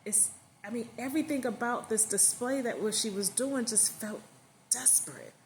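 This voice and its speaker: A woman's voice: fairly high pitch, moderate pace, a little hiss or hum. A woman narrating a story casually in her own words, with fillers and emphatic stress.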